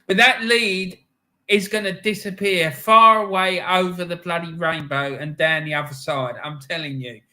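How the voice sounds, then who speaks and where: A man's voice: high voice, steady tone, moderate pace. A middle-aged man, hosting a live stream and reading out chat messages in an angry, swearing rant. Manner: angry ranting with heavy swearing; shouting.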